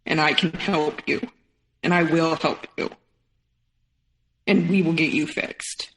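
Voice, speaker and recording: A woman's voice: low-pitched, fairly even intonation, fairly bright tone, echoey room, low-quality recording. A woman in her thirties, a podcast guest, telling a personal story with feeling and acting out what others said. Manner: emotional, quotes others in rapid retelling.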